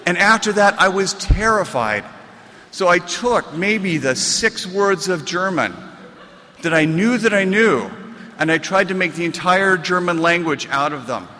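A man's voice: sits high, a little slow, long reverb tail, a little hiss or hum. An American man, an author at a reading, telling a comic, self-mocking story to a live audience. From United States. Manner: animated, self-mocking delivery.

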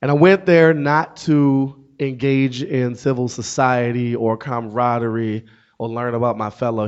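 Dry deadpan comic guy in his 30s, storytelling to a crowd, middling pitch, dull muffled sound. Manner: wry, dry deadpan asides. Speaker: comedian and author. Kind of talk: stand-up storytelling to an audience.

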